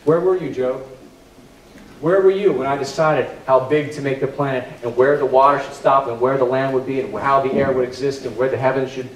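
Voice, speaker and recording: A man's voice: medium pitch, fairly even intonation, a little fast, slight background noise, lightly acted. A man voicing God as a commanding, questioning presence, pressing the same question over and over. It sounds like an echoey church hall heard from some distance. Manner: repeated rhetorical questions. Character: God answering Job, vast and commanding.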